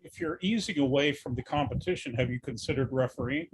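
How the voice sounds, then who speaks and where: A man's voice: mid-range voice, fast, hardly any pauses, background noise. A man hosting an interview, asking plain and polite questions. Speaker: interview host.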